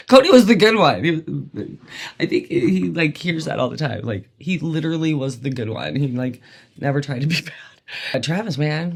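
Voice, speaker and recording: Woman podcaster rambling thru family stories, kinda gravelly, laughs a lot, cusses. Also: low voice, animated, normal speed. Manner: laughs often, swears casually, rambling asides. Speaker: podcast host. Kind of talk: candid personal storytelling.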